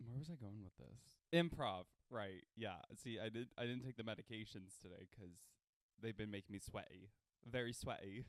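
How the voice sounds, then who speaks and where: A man's voice: lowish voice, moderate pace, no room sound. A young man from Canada hosting a casual solo podcast, rambling and self-deprecating. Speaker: podcast host.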